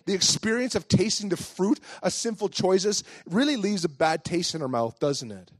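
High-voiced male pastor preaching. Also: expressive, moderate pace, dry recording. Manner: conversational preaching with rhetorical questions. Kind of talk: sermon.

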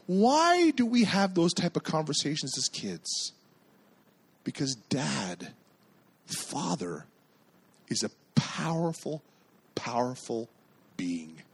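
A male pastor from Canada delivers a sermon in a slightly husky voice that sits a little high for a man. He swings his pitch widely as he tells stories, acts out the voices in them, and shouts at the high points. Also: sing-song, slow, long pauses. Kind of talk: sermon with storytelling.

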